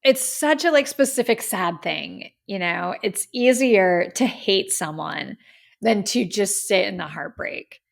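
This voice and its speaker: A woman's voice: mid-range voice, takes it slowly, gravelly. A woman hosting a casual music review podcast, talking in an effusive, heartfelt way and often saying "like.". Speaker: podcast host.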